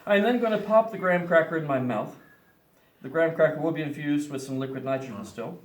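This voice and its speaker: A man's voice: fairly high pitch, quick pace, echoey room. A man teaching a class, playfully explaining each step of a science demonstration to students.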